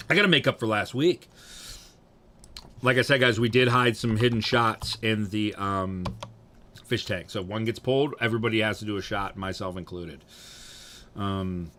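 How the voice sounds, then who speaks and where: A young man drinking on a livestream, chatting casually with viewers in a profane, rambling way that swings between loud bursts and mumbling. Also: on the low side, normal speed, long pauses, a little hiss or hum.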